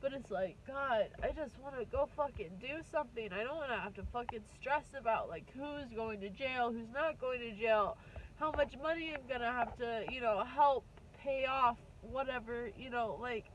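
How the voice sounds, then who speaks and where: A woman in her twenties venting on a vlog, upset and close to tears, rambling and swearing in halting bursts. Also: a little high, dull audio, a little hiss or hum. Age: 20s. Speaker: vlogger.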